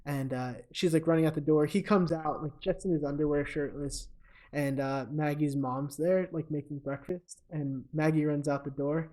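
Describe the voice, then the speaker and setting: Recapping a movie on a comedy podcast he co-hosts, this man rambles casually and leans heavily on fillers. His voice is a little high and dark in tone, steady, at normal speed.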